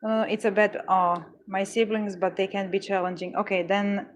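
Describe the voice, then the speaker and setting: A woman running a casual art livestream, chatting with viewers in a rambling, playful way with deadpan jokes. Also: medium pitch, normal speed, slight background noise. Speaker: livestream artist. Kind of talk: casual livestream chat reading comments.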